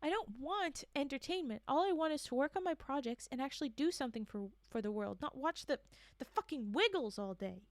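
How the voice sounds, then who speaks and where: Woman doing an angry trapped researcher, defiant, swearing, high voice, dry sound. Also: steady tone, moderate pace, a little mellow, smooth, no echo, lightly acted. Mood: bitter.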